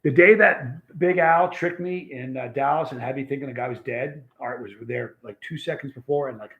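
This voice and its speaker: A man's voice: mid-range voice, normal speed, lo-fi sound. A man hosting a casual livestream, telling a long rambling story and greeting viewers in the chat. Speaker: host.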